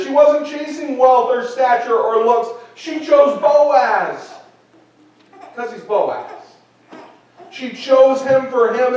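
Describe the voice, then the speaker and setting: A man preaching a sermon in earnest, repeating his key lines and acting out quotes. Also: very high voice. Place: church sanctuary. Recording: echoey church hall from a distance.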